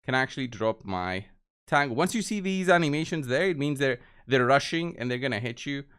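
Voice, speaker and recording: A man's voice: mid-range voice, animated, a little fast, a bit bright, clean tone. A man giving casual gameplay commentary, walking viewers through each move step by step. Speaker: game video creator.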